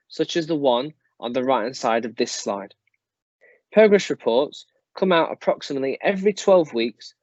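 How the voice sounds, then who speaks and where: A man giving a formal, measured presentation to parents as a school staff member. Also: medium pitch, darkish tone, dry recording. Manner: measured, formal, explanatory delivery. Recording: slightly dull, dry close recording.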